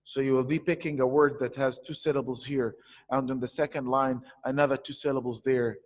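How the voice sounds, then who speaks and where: A man's voice: medium pitch, fairly even intonation. A man teaching an online poetry lesson, patiently explaining and repeating key points. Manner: patient, explains slowly with repetition. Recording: echoey room with long reverb.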